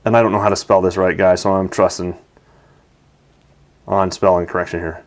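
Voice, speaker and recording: A man's voice: low voice, level tone, normal speed. A man hosting a tech video, narrating a product demo in an enthusiastic, chatty way.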